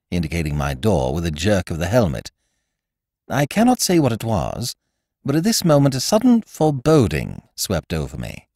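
A man and podcast host reading a classic comic story aloud in first person, with wry, expressive storytelling. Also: sits low, moderate pace, no echo, studio quality. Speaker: audiobook narrator and podcast host. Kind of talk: scripted storybook narration.

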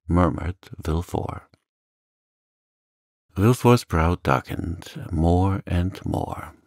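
A man reading a classic novel aloud as a soft-spoken, soothing sleep story. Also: deep voice, creaky, no echo, clean studio sound. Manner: calm, soothing. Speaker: audiobook narrator.

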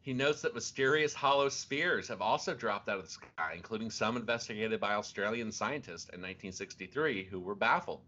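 A man co-hosting a podcast with a bright, forward voice that sits fairly low. He retells odd stories in animated, casual chat, often laughing and restarting his sentences. The sound is muffled and lo-fi. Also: a little fast, hardly any pauses. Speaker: podcast co-host. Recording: dull lo-fi sound.

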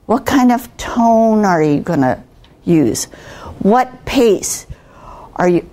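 A woman's voice: a little high, animated, takes it slowly, darkish tone. An older woman giving a conversational workshop talk on communication skills to students, asking them rhetorical questions. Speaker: guest speaker on communication skills.

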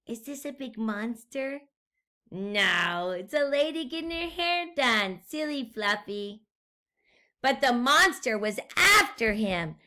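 A woman teacher reading a storybook aloud to young children and asking them gentle questions. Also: on the high side, animated. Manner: gentle, slow, questions to the listener.

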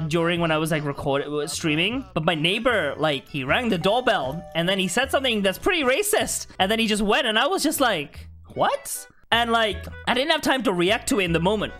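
Animated young male game streamer. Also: high-pitched. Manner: swears, berates himself, repeats phrases, yelps when excited. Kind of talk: live gaming commentary.

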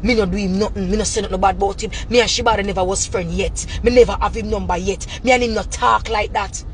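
A woman's voice: medium pitch, fairly even intonation, fast, slight background noise. A woman with a Jamaican Patois accent delivering an angry, profane, repetitive rant straight to camera. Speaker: vlogger.

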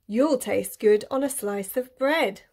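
A woman's voice: fairly high pitch, takes it slowly, a little mellow. Woman doing a big clumsy storybook monster. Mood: gruff.

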